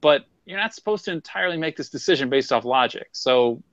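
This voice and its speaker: A blunt man co-hosts a casual sports chat in a fairly high voice, swearing freely as he argues. The recording is dull and muffled, with no room echo. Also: animated, a little fast, fairly bright tone. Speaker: podcast co-host.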